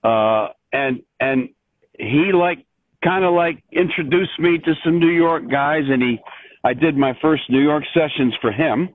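Older man, composer guest, rambling anecdotes, slightly high voice, dry tinny phone-like line. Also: measured pace, dry recording. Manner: rambling, many restarts, animated. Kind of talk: storytelling in an interview.

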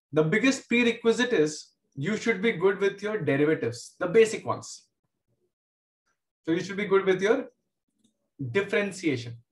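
A man's voice: sits high, roomy sound. A man teaching a math class with an Indian English accent, explaining step by step and repeating key points. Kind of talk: classroom lecture.

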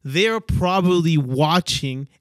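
A man's voice: fairly high pitch, animated, slow pace, smooth, dry recording, clean studio sound. A man hosting a podcast and giving a motivational monologue, stressing key words and checking in with "okay?" and "right?". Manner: emphatic, repeats "okay?" and "right?" for emphasis. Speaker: podcast host.

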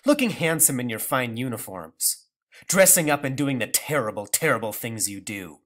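A man reading aloud and voicing a bitter, scolding elderly grandmother with a sharp, indignant, raised voice. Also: medium pitch, very animated, moderate pace. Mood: scornful.

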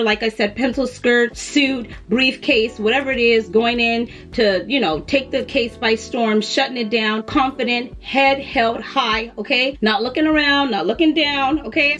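Chatty woman vlogger, music behind. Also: on the high side. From United States. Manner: chatty and warm, addresses viewers as "you guys". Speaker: beauty and fragrance vlogger. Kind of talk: casual vlog talk to camera.

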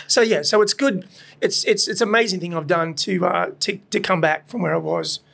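A man's voice: sits high, normal speed, creaky, fairly bright tone, husky. A man, a restaurant owner, talking candidly and frankly as a podcast guest in his restaurant. He swears freely and rambles, with many fillers. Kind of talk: candid casual chat.

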